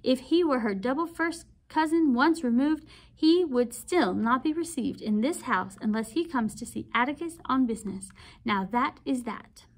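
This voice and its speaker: A woman's voice: high-pitched, animated, moderate pace, voice pushed up. A woman reading as a stern proper aunt. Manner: firm, clipped, disapproving.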